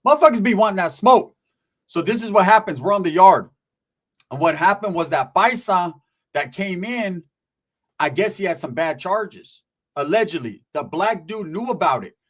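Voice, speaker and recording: A man casually telling a profane, streetwise prison story, slipping into quick impressions of the people in it. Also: high-pitched, expressive, fairly bright tone.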